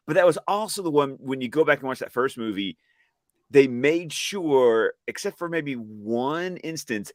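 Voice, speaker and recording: Animated man from the American South. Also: mid-range voice, moderate pace, no echo, studio quality. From Southern United States. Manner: animated storyteller, theatrical. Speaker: guest co-host. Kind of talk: casual film chat.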